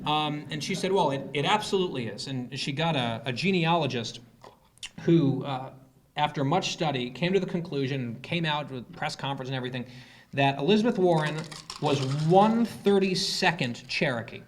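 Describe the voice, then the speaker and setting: A man's voice: on the high side, normal speed, a little hiss or hum. A man giving a political speech to a live audience, telling a story with sarcasm and mocking quoted voices. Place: conference hall.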